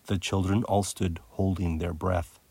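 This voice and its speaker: Deep, husky storybook narrator, a man. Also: measured pace, no room sound. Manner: expressive read-aloud with lively shifts. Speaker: audiobook narrator.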